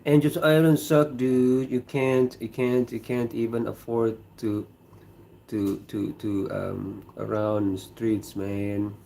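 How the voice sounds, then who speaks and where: Halting Indonesian-accented man streaming. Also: fairly low pitch, level tone, gravelly, mellow, slight background noise. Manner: halting, repeats words, many fillers. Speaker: livestream host. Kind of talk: casual livestream chat. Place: kitchen.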